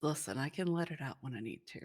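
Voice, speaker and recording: A woman chatting in character during a role-play game, playful and animated. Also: a bass voice, quick pace, husky. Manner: animated, playful, jokes about accents.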